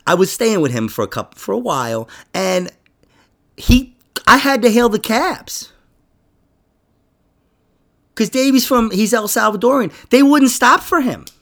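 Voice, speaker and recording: A young adult man hosts a podcast in loose, casual talk. His pitch swings widely as he rambles, swears and trails off into laughs. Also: sing-song, a little slow, long pauses, a bit bright. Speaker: podcast host. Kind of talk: casual chat.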